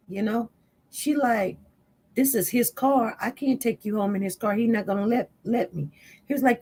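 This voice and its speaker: A woman's voice: mid-range voice, normal speed, breathy edge. A woman telling her viewers a personal story, casually, acting out the people she quotes. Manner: chatty, animated retelling with quoted voices. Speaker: channel host.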